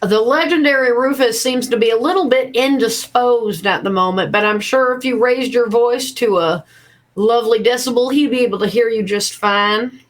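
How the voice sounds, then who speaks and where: A woman playing in a tabletop game, her voice a little high. She talks in a wry, teasing way. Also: moderate pace. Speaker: player. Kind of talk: tabletop role-play.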